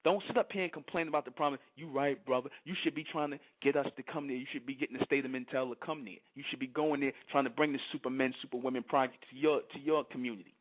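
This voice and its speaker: A man hosting a radio broadcast, preaching to his listeners in a forceful, emphatic monologue and often stopping to ask "you understand?". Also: mid-range voice, steady tone, fast talker, hardly any pauses. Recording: narrow phone-like radio audio.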